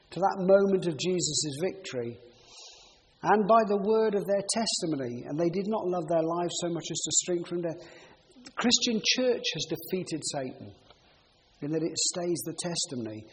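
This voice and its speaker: A middle-aged man preaching a sermon, telling stories in a lively way and shifting his volume for emphasis. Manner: animated storytelling, shifting pitch and volume for emphasis. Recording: reverberant hall with faint noise.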